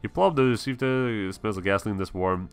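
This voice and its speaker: A man's voice: fairly low pitch, fairly quick, smooth, faint music behind. Swearing man playing a game. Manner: swearing, laughing, reads game text aloud. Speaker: gameplay streamer. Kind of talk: gameplay commentary. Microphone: webcam mic.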